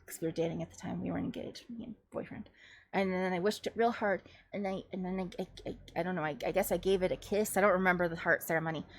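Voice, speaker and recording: A young adult woman hosting a livestream, chatting casually in a rambling, animated way and often breaking into laughter. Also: on the low side, quick pace. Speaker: livestream host. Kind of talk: casual chat.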